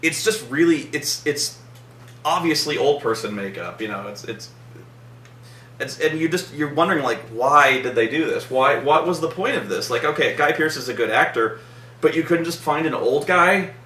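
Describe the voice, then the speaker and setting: A man's voice: fairly high pitch, animated, normal speed, pushed and bright, roomy sound, distant mic, a little hiss or hum. A man reviewing a film in casual chat, rambling with many fillers and repeats and a sarcastic edge. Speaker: movie reviewer, co-host.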